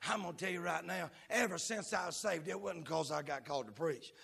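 A man's voice: on the high side, a little fast, gravelly, bright, forceful tone, slightly rough. A man preaching a fiery revival sermon, hollering in a sing-song cadence.

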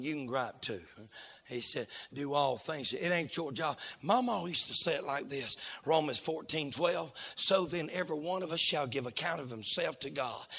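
A man preaching a sermon in church, fervent and folksy, swinging between shouted lines and low asides. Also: creaky, breathy edge.

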